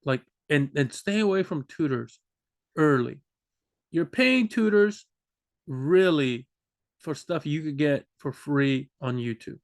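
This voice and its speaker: A man's voice: a little high, lively intonation, takes it slowly. A man, talking off the cuff to camera about learning languages. He rambles, restarts his sentences and often acts out the confused voices of learners. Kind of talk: unscripted casual talk to camera.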